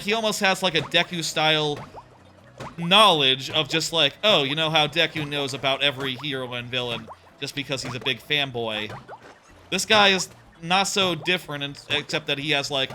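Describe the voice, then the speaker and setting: A man's voice: a little high, moderate pace, bright, forceful tone. A young man hosting a casual let's play, rambling and chatty and swearing freely. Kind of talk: casual gaming commentary. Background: faint game music.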